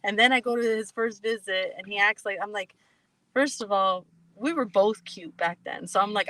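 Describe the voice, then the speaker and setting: A woman's voice: mid-range voice, normal speed, a bit bright, no echo, poor audio. A woman co-hosting a podcast, teasing her partner in a sassy, profane way. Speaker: podcast co-host. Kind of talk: casual chat.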